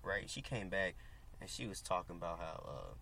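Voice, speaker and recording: A young man co-hosting a podcast in casual chat, telling blunt, animated stories with laughter. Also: low voice, moderate pace, vocal fry, a little hiss or hum. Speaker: podcast co-host.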